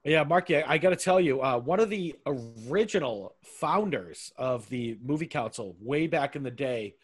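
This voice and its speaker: A man's voice: medium pitch, lively intonation, normal speed, slightly rough. A man hosting a casual podcast chat, teasing his co-hosts with playful banter. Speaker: podcast host.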